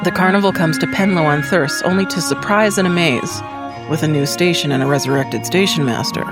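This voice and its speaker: A woman's voice: low voice, over loud music. A woman co-hosting a book podcast, reading a chapter summary and then chatting with giggles. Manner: giggly, quick to correct others. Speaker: podcast co-host. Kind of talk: reads chapter summary, then casual chat.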